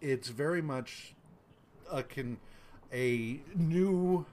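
A man co-hosting a podcast, chatting casually about comics, animated and quick to swear. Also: on the high side. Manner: animated, swears casually, slips into mock voices. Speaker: podcast co-host.

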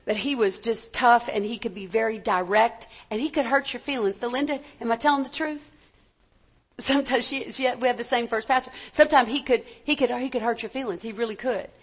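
A woman's voice: fairly high pitch, brisk, breathy edge. A woman preacher giving a conversational sermon, stopping to ask her congregation for an amen. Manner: conversational, calls for amens from the congregation.

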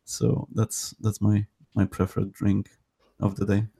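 Gravelly low-voiced hesitant man. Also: monotone, dark tone. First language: not English. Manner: hesitant, halting. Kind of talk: casual chat.

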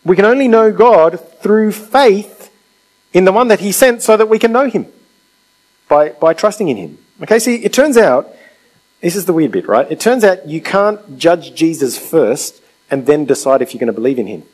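A man's voice: high-pitched, big pitch swings, moderate pace, darkish tone, poor audio. A man preaching a sermon in a conversational way, asking rhetorical questions and acting out quotes.

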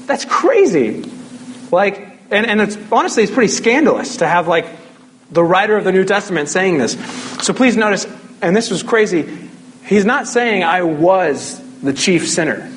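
A man's voice: high-pitched, very animated, normal speed, slight background noise. A young man preaching a sermon as a pastor, in a casual, conversational way with jokes.

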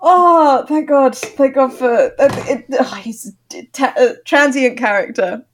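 A woman's voice: sits high, a little slow. A woman on a video call, chatting casually as a podcast co-host, laughing often and mocking herself. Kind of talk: casual chat.

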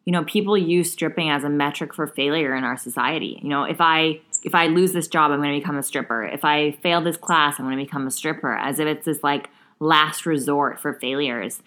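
A woman's voice: deep voice, steady tone, brisk, few pauses, a bit bright. A young adult woman speaking frankly and bluntly in a casual podcast chat, laughing easily. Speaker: sex worker, podcast co-host.

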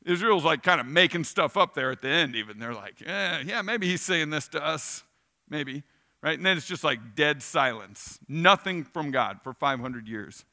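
Guy preaching, kinda high bright voice, super casual and animated, acts stuff out. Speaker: pastor. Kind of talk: sermon.

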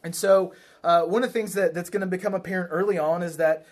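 A man's voice: sits high, fairly even intonation, quick pace. A man preaching a sermon to a congregation in a conversational way, asking questions, repeating key phrases and checking in with listeners. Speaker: pastor. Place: church.

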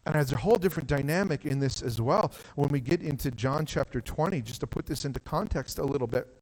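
A man's voice: fairly high pitch, lively intonation, quick pace, darkish tone. Guy pastor preaching on a church stage, chatty, lots of "like", hall reverb trailing. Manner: conversational preaching with frequent "like" and restarts. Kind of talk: sermon.

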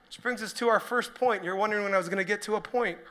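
High, bright-voiced preacher man. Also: fast talker. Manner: energetic, joking, rising to shouted emphasis. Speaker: pastor. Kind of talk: sermon.

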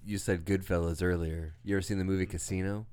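A man in casual chat about a movie, lively and swearing freely. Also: sits low, fast talker, clean tone.

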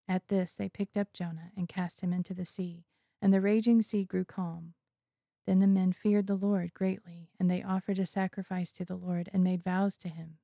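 Woman scripture reader, solemn and measured, low dark voice, dry close sound. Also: steady tone, creaky, no echo. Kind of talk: scripture reading.

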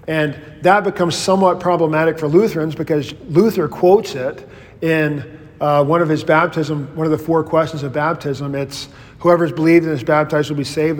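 A man, a pastor, leading a Bible study in a casual, animated storytelling way. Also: on the high side, long reverb tail.

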